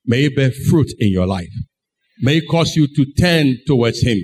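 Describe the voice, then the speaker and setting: A man's voice: mid-range voice, expressive, moderate pace, a little mellow, slightly rough. A man preaching a sermon, telling the story dramatically and acting out the voices in it. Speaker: pastor.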